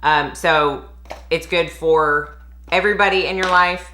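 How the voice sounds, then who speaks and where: A woman's voice: sits low, fairly even intonation, a little slow, sharp tone, slight background noise. A woman, chatting enthusiastically while reviewing perfumes as a beauty vlogger. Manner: chatty, enthusiastic, laughs often. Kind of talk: casual fragrance review chat.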